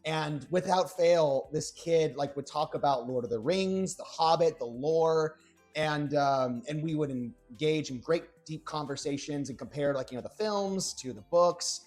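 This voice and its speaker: Young guy rambling to chat on a cooking stream, slightly high voice, soft music behind. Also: a little slow. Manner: rambling storyteller, talks to chat. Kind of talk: casual live-stream chat while cooking. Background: faint background music.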